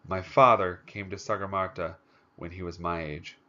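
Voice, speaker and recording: A man voicing a calm, composed teenage boy who speaks in a measured, reflective way. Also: low voice, lo-fi sound.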